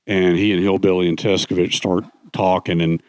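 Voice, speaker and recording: A man's voice: low voice, little pitch movement, normal speed, a little mellow, dry recording. An older man, a guest author on stage, retells stories at length, rambling with many fillers and restarts. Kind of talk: fireside chat on stage. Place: conference stage.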